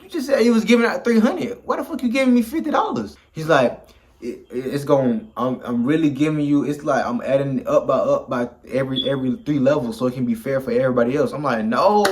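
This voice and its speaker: A young man telling a story in casual slang, animated and acting out the people he quotes. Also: medium pitch. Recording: loud background music.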